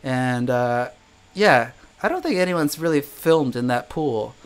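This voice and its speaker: A man's voice: medium pitch, expressive, measured pace, clear, resonant tone. A man answering viewer questions in a casual live chat, telling stories and laughing often. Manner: chatty storytelling, laughs often.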